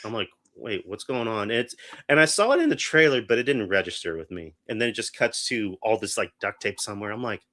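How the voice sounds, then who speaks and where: A fast-talking podcast co-host with a lowish, sing-song, fairly bright voice rambles through a casual movie review. He keeps restarting and acts out quotes as he goes.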